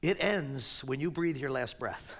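A man preaching a sermon as pastor, animated, dropping to hushed whispers and rising to shouts. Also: medium pitch, slow pace.

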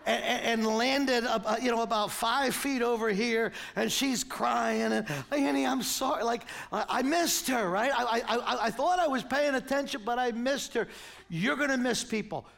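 Older male pastor in his sixties with a high, gravelly voice, animated sermon storyteller. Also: moderate pace.

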